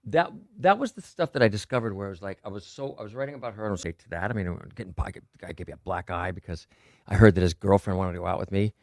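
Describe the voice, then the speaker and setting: Man, low voice, quick talker, rambling storyteller, dry studio sound. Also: no echo. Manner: rambling storyteller, swears freely. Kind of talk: casual chat.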